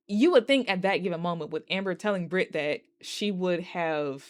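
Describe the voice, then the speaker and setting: A woman's voice: on the low side, lively intonation, moderate pace, few pauses. Chatty woman recapping a movie. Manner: chatty retelling, full of fillers and acted-out quotes. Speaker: movie reviewer.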